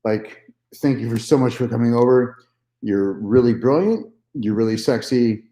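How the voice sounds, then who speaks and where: Male vlogger, mellow tone, casual candid storytelling, roomy echo. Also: medium pitch, moderate pace. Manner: candid, swears freely, repeats himself.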